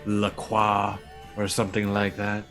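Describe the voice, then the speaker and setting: A man's voice: lowish voice, completely flat delivery, a little slow, over music. Hesitant man playing a tabletop game. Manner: hesitant, lots of fillers. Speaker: player. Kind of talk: in-character tabletop talk.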